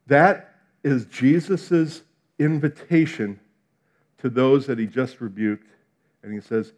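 A middle-aged man from New Jersey with a New Jersey accent, preaching a sermon in an animated way, acting out quotes and swinging between loud and hushed. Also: medium pitch, takes it slowly, long pauses, highs cut off.

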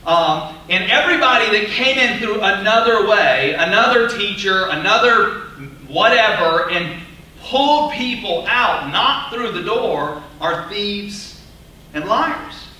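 A male pastor preaching an emphatic, animated sermon with casual asides. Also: high-pitched, slow, recorded from a distance. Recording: echoey hall, voice off-mic, faint noise.

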